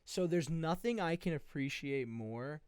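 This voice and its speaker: A man's voice: a little high, expressive, unhurried, a little mellow, smooth, no echo, studio quality. A young man in his twenties with a New Jersey accent, riffing animatedly as a comedy podcast co-host. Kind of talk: casual chat.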